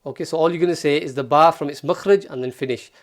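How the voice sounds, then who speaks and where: A man's voice: a little high, fast. A man teaching recitation step by step, patiently sounding out syllables and repeating them for learners.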